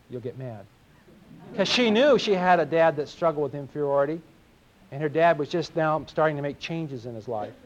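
A man's voice: medium pitch, a little hiss or hum. Earnest middle-aged man preaching, lo-fi. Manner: earnest, confessional, repeats words. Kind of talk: sermon.

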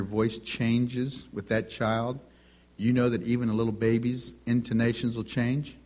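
Animated storytelling male preacher. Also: mid-range voice, unhurried. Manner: animated storytelling, acts out quoted voices. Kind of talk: sermon.

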